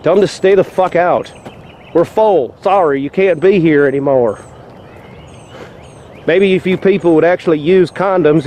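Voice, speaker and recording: Man, profane exasperated rant, walk-and-talk vlog, warm mellow tone, outdoors, faint background noise. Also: fairly high pitch. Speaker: vlogger. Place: outdoors on a rural trail among fields.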